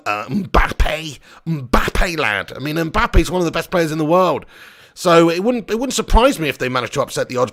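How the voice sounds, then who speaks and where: A chatty man who hosts a live football watch-along, with a slightly high voice. He rambles and banters, shifting between commentary and casual asides. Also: vocal fry, fairly bright tone. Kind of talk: live match commentary and chat.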